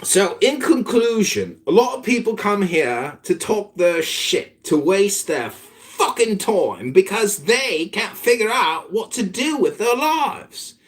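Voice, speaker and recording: A man doing a shouting, scolding lecturer. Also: sits high, very animated, slow, hardly any pauses, heavily acted. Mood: lecturing. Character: shouting self-righteous man lecturing a room. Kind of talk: comedic trolling rant.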